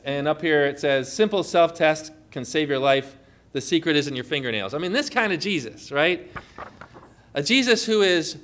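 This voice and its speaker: A man's voice: a little high, a bit bright. A man preaching a sermon to a congregation, emphatic and asking them questions. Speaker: pastor.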